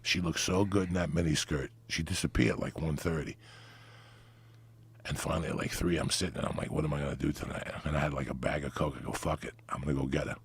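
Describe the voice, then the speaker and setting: A man's voice: a bass voice, steady tone, quick pace, slight background noise. A middle-aged man from New Jersey, a podcast guest telling raunchy, profane stories and acting out the quoted lines. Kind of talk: raunchy storytelling. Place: podcast studio.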